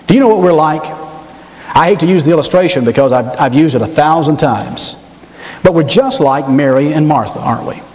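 High-voiced pastor preaching with long reverb. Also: male voice, animated, a little fast, darkish tone. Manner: emphatic, repeating key words for stress. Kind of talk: sermon.

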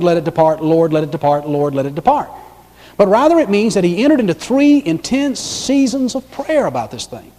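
Preacher man in a reverberant hall. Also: high-pitched. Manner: dramatic swings between loud emphasis and hushed, slow delivery. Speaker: pastor. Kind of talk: sermon.

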